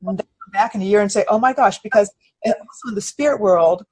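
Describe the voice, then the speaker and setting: Husky woman chatting hesitantly. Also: medium pitch, brisk, darkish tone. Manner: agreeable, hesitant with fillers. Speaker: interviewer, student of mediumship. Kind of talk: casual conversation.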